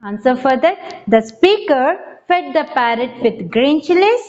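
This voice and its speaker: Slow, sing-song woman teacher. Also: high voice, very animated. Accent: Indian English. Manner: spells words letter by letter, addresses children often. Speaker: primary school teacher. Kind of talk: classroom revision lesson. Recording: dull lo-fi recording.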